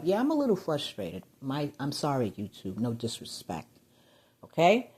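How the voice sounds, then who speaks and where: A woman venting in a rambling personal vlog, getting agitated and loud when riled. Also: sits low, huge pitch swings, moderate pace, husky. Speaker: vlogger.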